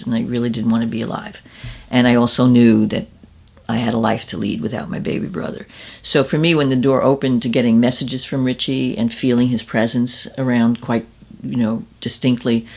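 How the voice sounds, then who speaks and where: A woman's voice: very deep voice, gravelly, darkish tone. A woman in her fifties, a psychic medium, telling her story in an interview in a candid, conversational, self-deprecating way.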